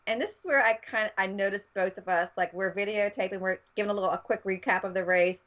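A woman's voice: mid-range voice, fast, fairly bright tone. A woman co-hosting a podcast, chatting casually and rambling with lots of fillers. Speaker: podcast co-host. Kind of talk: casual chat. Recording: dull lo-fi recording.

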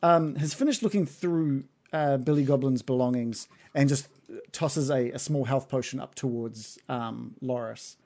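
A man's voice: mid-range voice, unhurried, dark tone. A man narrating a tabletop fantasy game as game master, rambling with lots of fillers.

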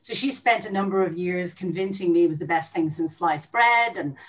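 A woman's voice: on the low side, brisk, recorded from a distance, low-quality recording. A middle-aged woman from Ireland with an Irish accent, telling her story as a guest in a casual chat, laughing often.

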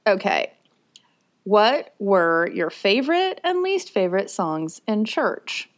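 A woman's voice: mid-range voice, slow. Chatty woman co-host who laughs often. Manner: laughs often, animated storytelling with sung bits. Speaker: podcast co-host. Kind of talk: casual chat.

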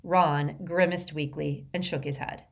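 A woman with a fairly low voice reads a storybook aloud. She narrates at a steady, even pace, moving smoothly from scene to scene. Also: a little slow. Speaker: audiobook reader.

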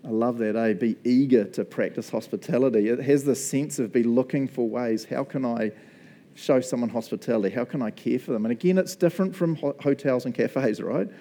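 A man's voice: mid-range voice, fairly quick. A man with a New Zealand accent preaching a casual, jokey sermon full of stories. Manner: chatty, jokey, animated storyteller.

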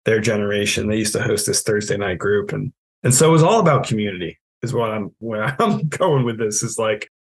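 Casually storytelling as a podcast guest, a New England trail project manager in his thirties sounds animated and a little fast, his voice fairly low and the audio poor. He is laid-back and jokes at his own expense, with frequent laughter.

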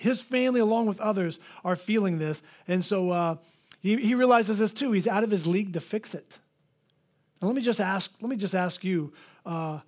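Animated high-voiced male pastor. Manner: animated storytelling, acts out quoted voices. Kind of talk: preached sermon. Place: church.

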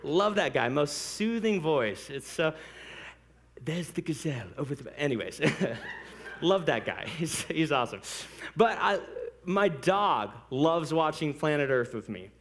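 A man's voice: on the high side, very animated, unhurried, a bit bright. A man preaching a sermon as pastor, talking straight to the congregation in a joking, conversational way and laughing often. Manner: conversational, addresses the congregation directly.

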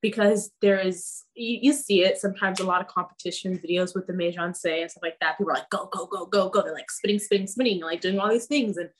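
A woman's voice: lowish voice, quick pace, hardly any pauses, slight background noise. A woman who teaches belly dance, chatting casually on a podcast, leaning on filler words and laughing often.

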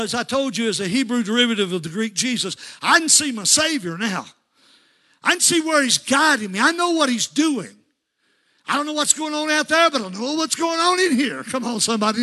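Fervent preacher, high bright voice. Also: male voice, very animated, normal speed. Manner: folksy storytelling preacher, rising to fervent calls. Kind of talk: sermon.

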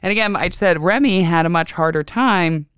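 A woman hosts an astrology show in a casual, chatty monologue. Her voice is very smooth and crisp, and it is recorded dry and close. She tells her stories with animated quoting. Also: fairly low pitch, moderate pace, no echo. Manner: chatty, animated storytelling with lively voiced quotes. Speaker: astrology podcast host.

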